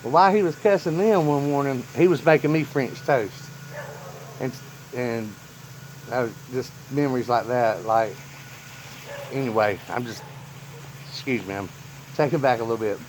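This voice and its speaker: A man's voice: medium pitch, moderate pace, long pauses, a little mellow, a little hiss or hum, poor audio. A man in a casual storytime vlog, rambling through family memories and chuckling often. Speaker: vlogger telling family stories.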